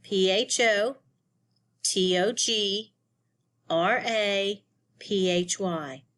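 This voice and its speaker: A woman's voice: medium pitch, drawn-out words, fairly bright tone. A woman teaching a phonics lesson to young students, sounding out syllables and spelling words letter by letter.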